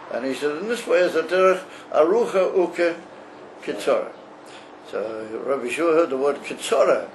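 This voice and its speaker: A rabbi teaching a class on a religious text, explaining slowly and haltingly with frequent pauses and fillers. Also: male voice, medium pitch, gravelly, slight background noise, poor audio.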